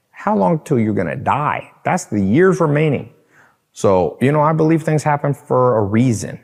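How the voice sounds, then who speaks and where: A man delivering an emphatic, persuasive sales pitch, repeating phrases for emphasis and addressing the listener directly. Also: vocal fry, a little mellow, big-room sound. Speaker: online course marketer. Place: large house at night.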